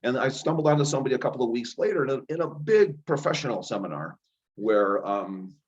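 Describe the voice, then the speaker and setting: A man's voice: medium pitch, expressive, quick pace. A man, a chiropractor and healer guest, telling rambling stories in a casual interview and acting out quoted dialogue. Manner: rambling, restarts often, acts out quoted dialogue. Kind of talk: conversational storytelling. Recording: dull lo-fi sound.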